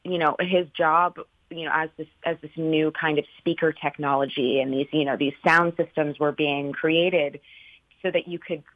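Chatty low-voiced actress from California. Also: female voice, moderate pace, phone-quality sound. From Northern California. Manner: chatty, animated storyteller. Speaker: stage actress, interview guest. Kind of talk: casual interview chat.

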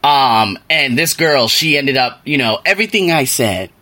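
A man hosting a solo podcast book review, telling stories in an animated way that climbs into exasperated rants. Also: medium pitch, normal speed. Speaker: podcast host.

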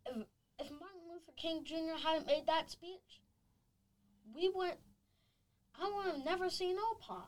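A woman in a group discussion speaks haltingly, repeating words while searching for what to say. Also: extremely high pitch, poor audio. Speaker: group member. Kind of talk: casual chat.

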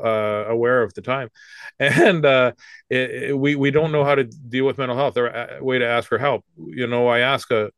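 Man in his fifties, comedian guest, rambling and jokey, mid-pitched voice, dry close sound. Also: a bit bright, no echo. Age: 50s. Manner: rambling and joking, with many restarts. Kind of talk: casual interview talk.

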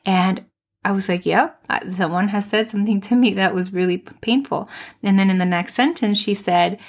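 Earnest woman with a gravelly fry. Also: mid-range voice. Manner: earnest, heartfelt, soft-spoken with tender pauses. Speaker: podcast host. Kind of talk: personal faith testimony.

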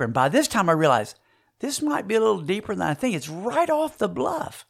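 A man, giving a folksy, animated storytelling sermon to young people. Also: high-pitched, a little fast, gravelly. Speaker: speaker at a youth camp.

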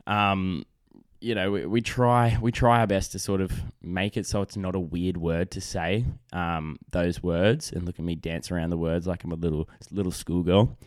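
A young adult man hosts a relaxed solo podcast, his voice sitting low in pitch. He rambles through stories with plenty of "um"s, "you know"s and restarts. The sound is dry and close, with no room echo. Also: normal speed. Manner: rambling, chatty, lots of fillers and restarts. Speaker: podcast host. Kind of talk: casual solo podcast storytelling.

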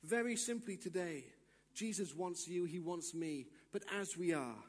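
A male pastor giving a sermon, acting out little dialogues and swinging from quiet asides to shouts. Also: high-pitched, animated, measured pace, in a large hall.

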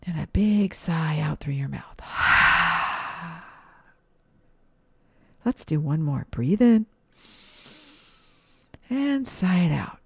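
A woman gently leading children through a breathing and mindfulness meditation, asking soft questions. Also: deep voice, animated, creaky, slightly rough, no room sound. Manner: slow, soothing, gently questioning. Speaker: mindfulness teacher for kids.

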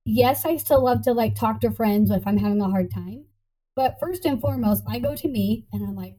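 Woman guest, higher voice, mellow tone, chatty and laughing, playful asides. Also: normal speed, poor audio. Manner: warm, animated, laughs often, playful self-talk voices. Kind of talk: casual conversational talk.

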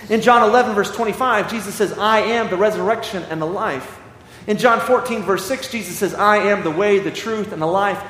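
A man preaching a sermon as pastor, reading scripture slowly and with emphasis. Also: high-pitched, fairly bright tone, a little hiss or hum. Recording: echoey hall, slight ambience.

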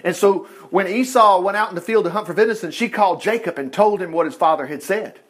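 High-voiced folksy preacher man. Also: quick pace. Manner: chatty, animated, acts out the quoted lines. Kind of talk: folksy sermon storytelling.

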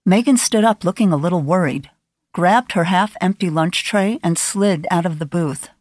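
Low-voiced woman narrating an audiobook. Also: normal speed, a little mellow, no echo, studio quality. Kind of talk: scripted narration.

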